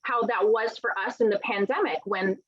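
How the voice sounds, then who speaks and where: A middle-aged woman author in a conversational interview, telling lively stories and acting out quoted dialogue. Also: mid-range voice, normal speed, no room sound. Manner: animated storyteller, acts out quoted dialogue. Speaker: author guest. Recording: dull, lo-fi sound.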